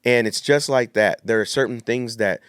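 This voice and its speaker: A man, a pastor, chatting casually on a podcast and retelling a story in relaxed slang. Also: medium pitch, moderate pace, smooth, no room sound, studio quality.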